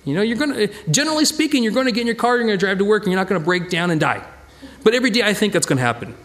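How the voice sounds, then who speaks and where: Racing along in a high voice, a man preaches a conversational sermon as pastor, lively and chatty, and he keeps restarting and repeating words.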